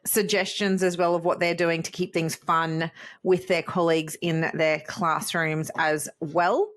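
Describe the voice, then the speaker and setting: A woman's voice: fairly low pitch, little pitch movement, measured pace. Enthusiastic woman podcast host. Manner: enthusiastic, encouraging. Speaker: co-host, teacher. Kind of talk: casual podcast chat.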